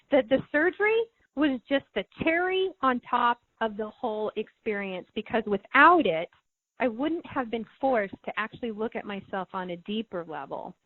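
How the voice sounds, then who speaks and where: A woman's voice: on the high side, dry recording. A middle-aged woman, a podcast guest, earnestly telling a personal story and repeating words when moved. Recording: thin phone-like line, dry.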